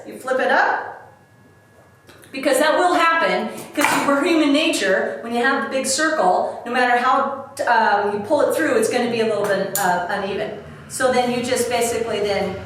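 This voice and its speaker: A middle-aged woman who is a DIY expert chats her way step by step through a craft demonstration, casual and self-deprecating. Her voice is fairly high and fairly bright at a normal speed, recorded from a distance in an echoey room with faint background noise.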